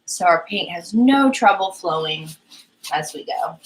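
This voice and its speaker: A woman's voice: fairly low pitch, expressive, a little slow, poor audio. A young woman hosting a painting live stream, chatting casually and giggling as she talks to her chat. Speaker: painting livestream host.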